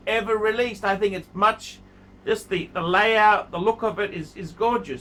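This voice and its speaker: A man's voice: high-pitched, lively intonation, normal speed, fairly bright tone, low-quality recording. A man hosting his own video channel, giving a blunt, scolding watch review and repeating himself for emphasis. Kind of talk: casual video review monologue.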